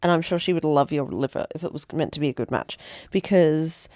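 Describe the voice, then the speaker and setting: A woman's voice: low-pitched, brisk, darkish tone, dry recording, studio quality. A woman co-hosting a podcast in casual chat, teasing, laughing a lot and swearing freely. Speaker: podcast co-host. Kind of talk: casual chat recapping a sitcom episode.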